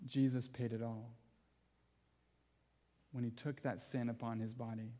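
A man delivering a sermon with earnest emphasis, leaning on repeated key phrases. He shifts easily into personal anecdotes with gentle humor, speaking at a middling pitch. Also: level tone, a little slow. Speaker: pastor.

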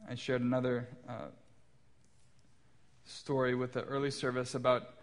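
In a church sanctuary, a thirty-something male pastor preaches, recounting tales of his little kids with mild self-deprecating humor. His medium-pitched voice holds at a normal speed with little pitch movement.

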